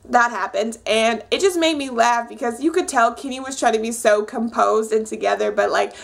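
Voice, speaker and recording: A young woman casually recapping a reality dating show for her viewers, chatty and animated, with lots of fillers. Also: on the high side, moderate pace, vocal fry. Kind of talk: casual chat.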